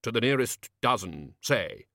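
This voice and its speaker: A man's voice: mid-range voice, animated, a little slow, creaky, sharp tone, dry recording, clean studio sound, heavily acted. A man doing a fussy, nervous wizard. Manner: hesitant, fussy. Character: nervous, pedantic male wizard.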